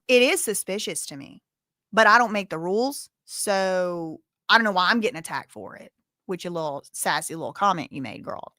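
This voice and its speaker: A woman's voice: mid-range voice, bright, forceful tone, no room sound, clean studio sound. A woman hosting a livestream, answering chat questions in a sassy, blunt, casual way. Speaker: livestream host.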